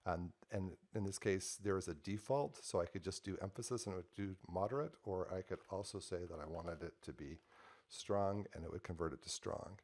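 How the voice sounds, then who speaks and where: A man with a low, gravelly voice talks through a coding demo at his desk. His delivery is loose and conversational, full of ums and uhs as he types and explains each step. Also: brisk, a little mellow. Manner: loose and conversational with frequent fillers. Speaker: software developer demoing a project. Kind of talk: casual screen-share tutorial.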